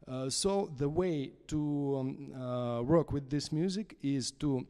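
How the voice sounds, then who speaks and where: Male conductor with a Russian accent coaching a singer, halting and unhurried, warm low tone, concert-hall reverb. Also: clean tone. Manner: halting English with many fillers. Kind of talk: opera masterclass coaching.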